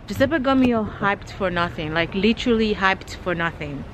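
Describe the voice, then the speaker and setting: A woman's voice: mid-range voice, lively intonation, normal speed, background noise. A woman vlogging casually outdoors, scolding and exasperated in a dramatic way. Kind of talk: casual vlog chat.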